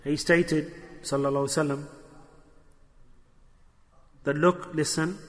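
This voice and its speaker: A man's voice: a little high, fairly even intonation, moderate pace, in a large hall. A man giving an impassioned sermon, speaking to a gathering and calling out to the brothers again and again. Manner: impassioned and repetitive, addressing the brothers. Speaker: sheikh giving a religious talk. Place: gathering before dhikr.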